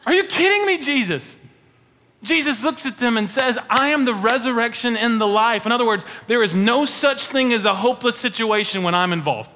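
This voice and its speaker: Pastor in his thirties, high bright voice, emphatic preaching, long church-hall echo. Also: brisk, few pauses. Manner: emphatic, rising to animated peaks then dropping to a hushed prayer. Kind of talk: sermon. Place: church sanctuary.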